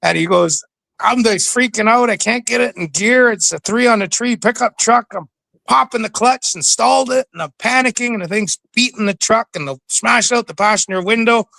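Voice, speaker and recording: A man's voice: sits high, fairly quick, vocal fry, hardly any pauses, fairly bright tone, no echo, pitched above the performer's own voice, heavily acted, poor audio. A man acting out a panicked male truck driver who is breathlessly retelling a frightening crash.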